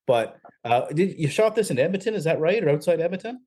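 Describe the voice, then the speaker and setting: A man's voice: fairly high pitch, lively intonation, fast talker, dark tone. A man hosting a podcast in a casual, chatty way, full of slang and enthusiastic praise. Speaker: podcast host.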